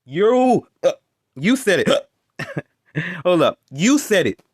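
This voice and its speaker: A man's voice: high voice, big pitch swings, slow, breathy edge, dry recording, clean studio sound. Exasperated man ranting over a clip. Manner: exasperated, heckling, stammering. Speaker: reaction video host. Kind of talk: casual reaction rant.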